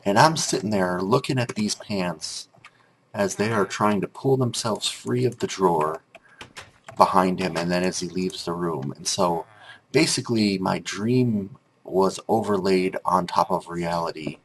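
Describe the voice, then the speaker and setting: A man's voice: low voice, unhurried, slight background noise. A grown man telling a rambling story over gameplay commentary, with frequent restarts and filler words. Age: adult.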